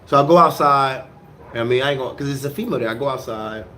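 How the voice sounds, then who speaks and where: A man telling a street story in casual, slangy talk, swinging from low mutters to loud outbursts and repeating words as he goes. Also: fast talker, slight background noise.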